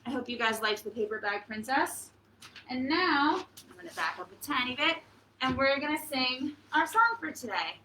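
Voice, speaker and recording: A woman leading a preschool storytime as librarian, reading aloud and singing with a cheerful, animated manner. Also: high voice, normal speed, echoey room, a little hiss or hum. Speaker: children's librarian. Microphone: fixed camera.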